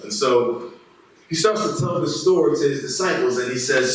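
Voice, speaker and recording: A man's voice: mid-range voice, moderate pace. Pastor, man, in a very echoey room. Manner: retells scripture as a casual, modern-day story. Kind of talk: sermon. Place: church hall. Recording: very echoey room, distant mic, faint noise.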